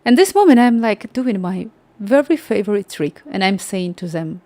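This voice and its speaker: Animated woman telling a story, dry sound. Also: mid-range voice, moderate pace, few pauses, dry recording. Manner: animated, acts out quoted dialogue. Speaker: livestream host. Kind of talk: casual storytelling.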